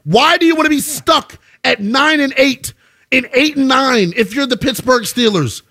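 A man's voice: extremely high pitch, moderate pace, bright, forceful tone. A man co-hosting a sports radio show, arguing insistently and repeating himself in a heated debate.

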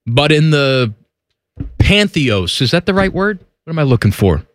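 A man's voice: fairly high pitch, very animated, normal speed, no echo, studio quality. A man co-hosting a radio talk show, bantering and teasing his partner with jokes. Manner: teasing, joking. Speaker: radio co-host.

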